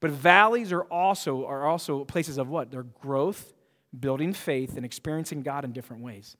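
A male pastor preaching a sermon to his church, moving from hushed prayer to loud, excited asides and often repeating and restarting words. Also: mid-range voice, moderate pace, in a large hall. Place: church auditorium.

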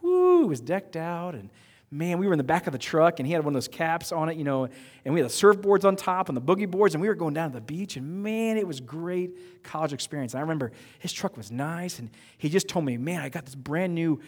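A middle-aged male pastor preaching a sermon in a church, telling stories in a lively, conversational way. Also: a little high, fairly quick. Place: church sanctuary. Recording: echoey church hall.

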